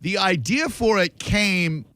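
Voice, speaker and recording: A man hosts a call-in radio show, talking in casual banter. He teases and mocks with dry sarcasm. His voice sits slightly high and sounds close and dry in the studio. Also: expressive, slow pace, bright, forceful tone, no room sound. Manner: sarcastic, playfully mock-indignant. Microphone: studio microphone.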